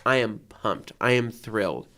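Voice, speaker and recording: A man's voice: lowish voice, expressive, measured pace, bright, forceful tone. A man in his thirties, a podcast co-host, telling a story in casual chat and acting out his own reactions.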